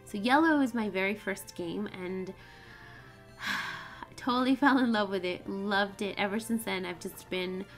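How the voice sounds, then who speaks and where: A woman's voice: mid-range voice, unhurried, fairly bright tone. Casting: young woman, casual let's-play host, rambly and chatty, mid-range voice, faint music bed. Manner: chatty, rambling, goes off on tangents. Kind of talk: casual gameplay commentary.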